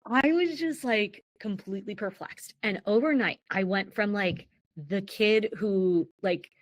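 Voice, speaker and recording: A woman's voice: mid-range voice, measured pace, dry recording. Chatty American woman telling her story. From United States. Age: 30s. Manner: rambling, full of "like" fillers and restarts, laughs often. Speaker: podcast guest. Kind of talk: casual personal storytelling.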